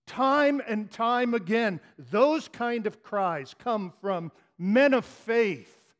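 A male preacher delivers a sermon at an unhurried, deliberate pace. His voice sits fairly high for a man. He builds to fervent, raised declarations, then sinks into soft, hushed passages. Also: expressive. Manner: slow, dramatic delivery swinging from loud declarations to hushed near-whispers.

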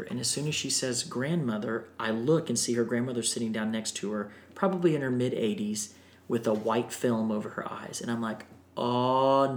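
A man, a singer guest on a podcast, telling an emotional story in an animated way. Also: mid-range voice, a little hiss or hum. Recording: roomy echo.

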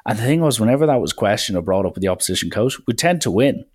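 A man with an Irish accent hosting a podcast, telling stories in a chatty, animated way full of "like" and acted-out quotes. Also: fairly low pitch, racing, breathy edge. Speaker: podcast host. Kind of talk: casual storytelling.

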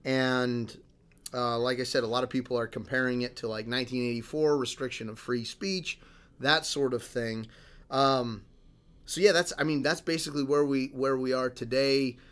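A man's voice: mid-range voice, fairly even intonation, moderate pace, clean tone. A man co-hosting a podcast, rambling through a news story in casual chat with many fillers and restarts. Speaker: podcast co-host.

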